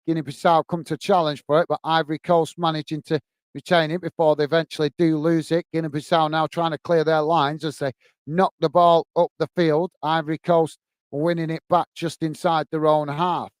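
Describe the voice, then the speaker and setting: A man hosting a football watch-along, commentating on the match and chatting warmly with viewers in the chat. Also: a little high, dry recording. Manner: chatty, says "mate" a lot, reads chat messages aloud.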